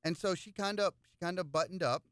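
A high-voiced man campaigning for a local seat talks fast in a casual interview. He tells lively stories laced with repeated words, and the studio sound is clean with no room echo.

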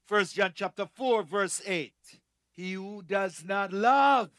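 A man preaching a sermon in a church, emphatic, repeating key phrases and swinging between loud declarations and soft asides. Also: high-pitched, slow pace, no echo, studio quality.

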